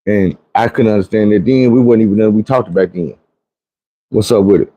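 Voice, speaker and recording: A man's voice: fairly low pitch, moderate pace, no room sound, lo-fi sound. A man, telling a personal story in a conversational, emphatic way. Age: 40s. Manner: conversational, emphatic, repeats "you know what I'm saying".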